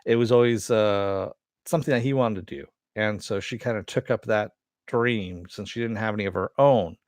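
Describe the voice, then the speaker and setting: A TV episode reviewer with a fairly low voice casually recaps an episode at normal speed, rambling and filling his talk with lots of "you know" and "uh." There's no echo.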